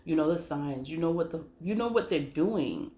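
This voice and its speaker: A woman with a low voice tells her personal story in a loose, casual way. She is blunt and profane, laughs often, and says the important lines twice. The room around her gives a noticeable echo. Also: lively intonation, normal speed, warm tone. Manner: emphatic repetition of key phrases. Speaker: vlogger telling a personal story.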